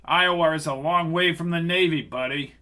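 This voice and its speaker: A man voicing a protective farmer father who speaks in a clear, well-enunciated way, in an audiobook reading. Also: fairly high pitch, normal speed, sharp tone, voice pushed up. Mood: angry. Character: broad-shouldered farmer father, protective and angry.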